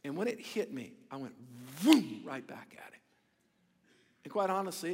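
A man, the pastor, preaching a sermon with passion, swinging between loud emphasis and hushed asides. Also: on the high side, lively intonation, normal speed, in a large hall.

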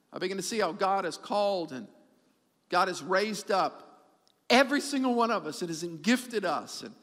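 A middle-aged pastor preaches a sermon, animated and repeating himself for emphasis while joking with his congregation. His voice is high-pitched, and the sound carries the feel of a big room.

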